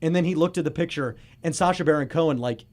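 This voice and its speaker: A young man in his early twenties hosting a casual podcast, retelling stories in an animated way and often laughing as he talks. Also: fairly high pitch, fast talker. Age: early 20s. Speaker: podcast host.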